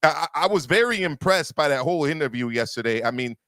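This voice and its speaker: A man's voice: fairly high pitch, expressive, fast, pushed and bright, no echo. A man hosting a boxing talk show, arguing emphatically and repeating words as he builds his point. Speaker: boxing podcast host. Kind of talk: opinionated casual discussion.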